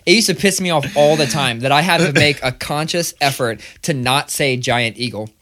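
A man's voice: on the high side, moderate pace. A man co-hosting a podcast, chatting casually and ranting with lots of swearing. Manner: profane, animated ranting storyteller. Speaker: podcast co-host. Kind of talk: casual chat. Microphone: studio microphone.

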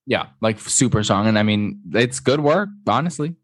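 A man's voice: on the low side, expressive, normal speed, dry recording, studio quality. A man co-hosting a podcast in a campy, chatty way, swearing freely as he gossips. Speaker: podcast co-host. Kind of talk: casual gossip chat.

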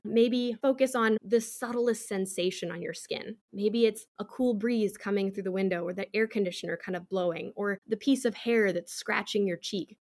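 A young woman hosts her own podcast, speaking in a calm, reflective and personal way. Her voice sits a little high for a woman. She talks alone, unhurried and open. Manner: calm, reflective, self-disclosing. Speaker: podcast host. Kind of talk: solo podcast talk.

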